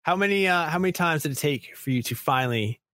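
A man's voice: fairly high pitch, lively intonation, quick pace, a bit bright, dry recording, clean studio sound. A man hosting a casual podcast chat, joking and playfully sarcastic as he leads the talk. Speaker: podcast host.

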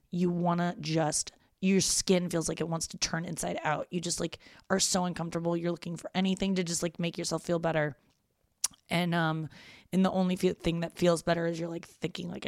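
Young woman podcaster, blunt and sweary, low gravelly voice, dry close mic. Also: darkish tone, dry recording. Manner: blunt, profane, frank and reassuring. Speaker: podcast host giving advice. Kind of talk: casual advice podcast.

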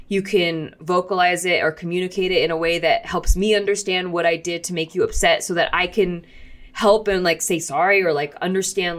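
A woman in casual conversation, talking in a rambling, confessional way with lots of "like". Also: fairly low pitch. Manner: rambling, heavy use of "like", soft and confessional. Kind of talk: casual chat.

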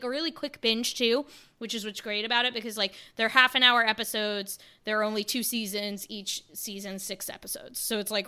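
A woman's voice: mid-range voice, bright, forceful tone, clean tone. A woman co-hosting a casual podcast chat, enthusiastic and rambling, filling her talk with "like".

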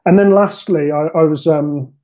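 A man telling a story on a podcast, his voice sitting a little higher than most. He rambles and restarts as he goes, in an easy, chatty way. The audio is dull and lo-fi. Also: moderate pace, dark tone. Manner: rambling, self-correcting storyteller. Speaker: podcast guest. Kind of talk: casual storytelling chat.

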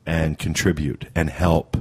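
A man hosting a podcast, speaking in a halting way full of fillers and restarts. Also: a bass voice, level tone, slightly rough. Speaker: podcast host. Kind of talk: casual podcast talk.

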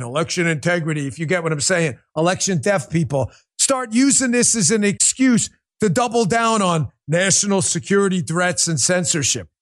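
Male podcast host, high and very animated voice, sarcastic, profane, rant-style commentary. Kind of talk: ranting political commentary.

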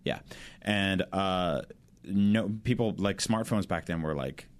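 A man's voice: deep voice, animated, slow pace. A man co-hosting a games podcast, telling rambling stories in casual chat with lots of fillers. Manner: rambling storyteller, many fillers. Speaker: podcast co-host.

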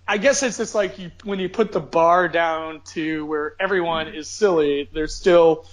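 A man co-hosting a casual comedy podcast chat in a lively, joking way. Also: on the high side, poor audio. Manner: lively, joking, prone to restarts. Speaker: podcast host.

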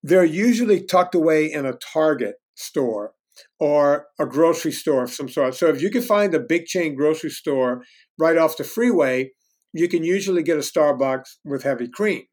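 A man's voice: on the high side, animated, normal speed, darkish tone. A man in his fifties, a guest telling stories in casual conversation, candid and self-deprecating, often restarting his sentences. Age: 50s.

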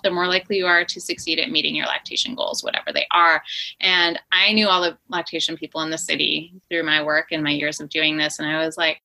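A middle-aged woman, a company founder, talking eagerly in an interview, with quick restarts and fillers. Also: on the low side, pushed and bright, rough recording. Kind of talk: conversational interview.

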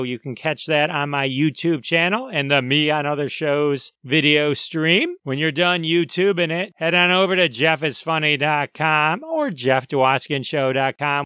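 Upbeat jokey guy hosting his podcast, clean smooth voice, real dry close sound. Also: a little high, pushed and bright, no room sound. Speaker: podcast host. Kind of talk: scripted podcast intro.

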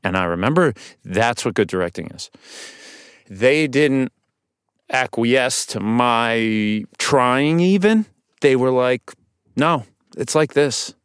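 Actor guest, mid pitch, smooth resonant voice, dry studio sound, tells stories loosely with lots of restarts. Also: male voice, slow pace, dry recording. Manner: animated storytelling with restarts and swearing. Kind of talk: casual podcast conversation. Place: podcast studio.

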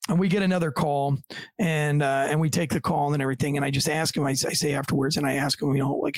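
A man who works as a police officer tells a story in a casual, profane way and acts out what other people said. His voice is gravelly and a little husky, and he sits a bit high in pitch. The recording is close and dry. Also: fairly even intonation, very fast, no echo. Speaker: police officer telling a story as podcast guest.

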